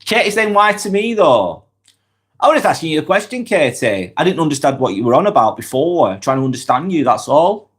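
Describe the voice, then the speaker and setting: A man from Lancashire in northwest England hosts his live-stream vlog with a cold, speaking a little fast and sounding very animated. As he reads viewer comments aloud and answers them in a chatty, direct way, his pitch jumps up and down a lot.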